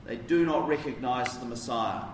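Preaching at normal speed in a medium-pitched voice, a man gives a conversational, emphatic sermon with casual asides. The church setting echoes roomily from afar, with some faint background noise.

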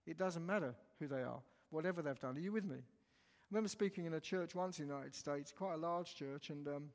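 A man's voice: fairly high pitch, brisk. A man preaching a sermon, telling a story animatedly and retelling the dialogue line by line. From England. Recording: long hall reverb.

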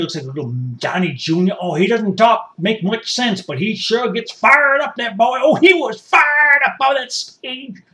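A boastful, rambling country rioter, all worked up and folksy. The voice sits high and swings wildly up and down. It sounds a bit distant from the mic. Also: male voice, fairly bright tone. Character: excitable folksy rural male rioter, rambling. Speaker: interview guest. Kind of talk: satirical mock interview.

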